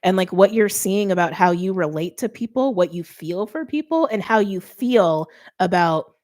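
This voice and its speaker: A woman's voice: medium pitch, expressive, normal speed, a little mellow. A middle-aged woman giving a casual tarot reading, chatty and thinking aloud with many fillers. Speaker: tarot reader.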